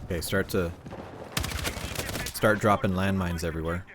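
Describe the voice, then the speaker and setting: A young man from the United States chats loosely as he plays, his voice sitting a bit low. He rambles and curses, full of fillers. Game gunfire and explosions come through clearly behind him. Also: fairly even intonation, normal speed, background noise. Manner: rambling, profane, lots of fillers. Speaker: streamer. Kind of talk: casual gaming stream chat. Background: gunfire and game sounds.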